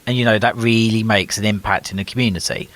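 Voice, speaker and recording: British male guest, somewhat low voice, long chatty answers full of ums. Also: fairly even intonation, fast, a bit bright. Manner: long explanations with frequent ums and repeated words. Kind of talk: casual conversation.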